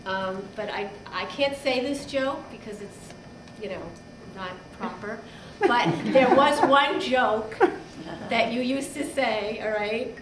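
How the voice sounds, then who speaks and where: A middle-aged woman giving an informal birthday toast to her father, halting and giggling, with many fillers. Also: mid-range voice. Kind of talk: informal party speech. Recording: echoey hall, far mic, loud crowd noise.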